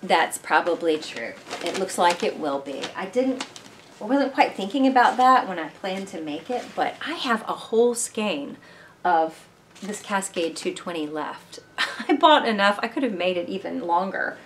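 A woman's voice: medium pitch, animated, normal speed, a little hiss or hum. A woman hosting a knitting video podcast at home, chatting and rambling casually to camera and asking her viewers questions. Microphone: camera mic, moving handheld camera.

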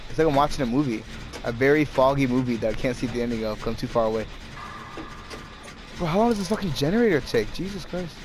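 A man's voice: medium pitch, expressive, quick pace, long pauses. A young man giving casual, exasperated commentary over a game he is playing, swearing often and talking to himself and the game. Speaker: gameplay streamer.

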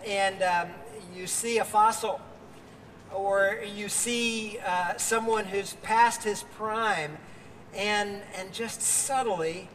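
A man's voice: high-pitched, fairly bright tone, in a large hall, recorded from a distance, slight background noise. An older man preaching a sermon outdoors as pastor, earnest, with fillers and restarts.

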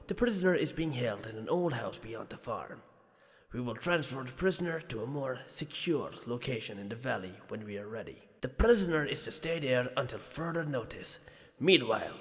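This is a stern village chief voiced by a man with a put-on Spanish accent. He issues formal orders to his men in a commanding tone. His voice sits at a middle pitch for a man. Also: expressive, normal speed, gravelly, in a large hall. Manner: formal, commanding, reading aloud.

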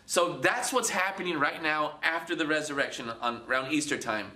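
A man with a high, bright voice preaches casually to his viewers as a Christian channel host. He is animated, slips into the voices of people he quotes and repeats words as he goes. The room around him sounds echoey. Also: normal speed, few pauses.

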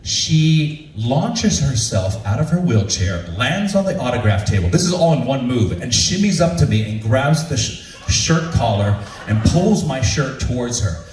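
An actor tells a comic convention story live on stage at an unhurried pace, animatedly acting out the people in it with big pitch jumps for quoted voices. He's heard from far off in a large room with a live audience, through a distant mic with echo, faint ambience, and slight background noise.

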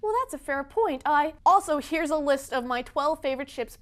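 A young woman with a fairly high voice hosts a comedy sketch, trading sassy replies and switching into playful put-on voices. Her delivery is quick, dramatic and teasing throughout. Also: animated. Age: young adult. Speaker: comedy video host reading tweets. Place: Boston.

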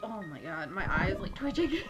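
A woman's voice: medium pitch, big pitch swings, normal speed. A young woman hosting a game playthrough, giggling and rambling emotionally as she comments. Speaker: gaming video host. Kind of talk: let's play commentary. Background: loud game music.

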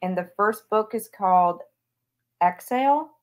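A woman's voice: medium pitch, animated, measured pace. A woman author chatting as an interview guest, talking with gushing enthusiasm about books she loves. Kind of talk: casual interview chat.

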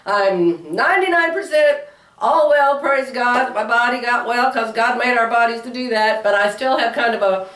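A middle-aged woman vlogging in casual chat, chatty and giggly, her voice still slightly hoarse. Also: on the high side, normal speed, fairly bright tone, recorded from a distance. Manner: chatty, giggly, with playful squeals. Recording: echoey room, away from mic.

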